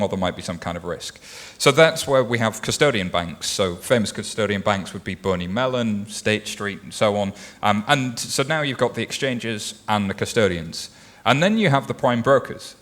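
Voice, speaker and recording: A man's voice: on the low side, fairly bright tone. A man in his thirties speaking on a conference panel, explaining things patiently with everyday comparisons. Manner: explanatory, uses everyday analogies.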